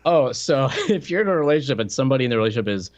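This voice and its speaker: A man's voice: medium pitch, expressive, racing, dull audio. A man co-hosting a podcast, joking around casually and often restarting his sentences. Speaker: podcast co-host. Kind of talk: casual chat about a cartoon.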